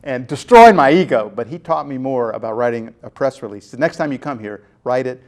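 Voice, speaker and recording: A man in his sixties, a guest telling lively stories about his career and acting out quoted voices as he goes. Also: medium pitch, brisk. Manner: animated storyteller acting out quotes. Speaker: guest, former jai alai PR director. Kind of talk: storytelling in casual chat.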